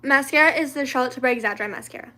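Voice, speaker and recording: A woman's voice: high-pitched, rapid-fire, bright, forceful tone. Chatty young woman on a livestream. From Louisiana, raised in the American South. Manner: chatty, rambling, many fillers and restarts, giggly. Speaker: livestream host answering viewer questions. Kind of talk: casual livestream chat.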